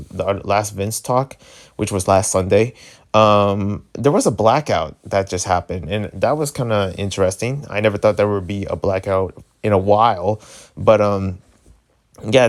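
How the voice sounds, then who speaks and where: A man with a New Jersey accent, chatting casually and rambling on a vlog, often restarting and joking. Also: fairly low pitch. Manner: rambling, self-interrupting, joking. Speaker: YouTuber. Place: hotel room.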